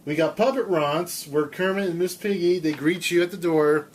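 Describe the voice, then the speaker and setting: Man, college radio host, rambling jokey talk, fillers and self-corrections, higher-pitched voice, studio mic. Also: moderate pace, slight background noise.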